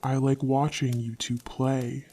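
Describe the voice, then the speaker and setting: A woman voicing a soft-spoken, creepy young man in a narrated horror story, speaking in a quiet, hushed voice. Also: very deep voice, level tone, takes it slowly, slight background noise, pitched below the performer's own voice. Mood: soft, unsettling.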